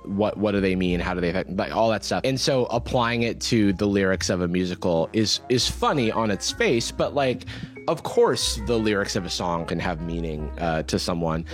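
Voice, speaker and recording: A man's voice: deep voice, expressive, moderate pace, soft background music. A man co-hosting a podcast, talking casually with lots of fillers and restarts. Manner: rambling, many fillers and restarts. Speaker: podcast co-host. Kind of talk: casual chat.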